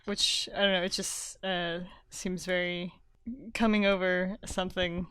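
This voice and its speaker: A woman's voice: fairly low pitch, flat delivery, a bit bright, smooth, dry recording. Dry-sounding woman, musing aloud. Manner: quick to laugh, musing and questioning. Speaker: podcast co-host. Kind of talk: casual book-club chat.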